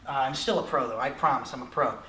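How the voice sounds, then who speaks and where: A man's voice: medium pitch, quick pace, pushed and bright, echoey room, slight background noise. A young man in his late teens giving a jokey tutorial, rambling and self-mocking, with lots of filler. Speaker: vlogger. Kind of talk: comedic tutorial.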